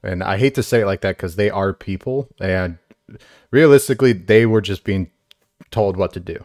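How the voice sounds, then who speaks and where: Tipsy, rambling lowish-voiced man. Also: normal speed, darkish tone, no echo, studio quality. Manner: rambling storyteller, full of fillers. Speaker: podcast co-host. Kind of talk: casual drinking-podcast chat.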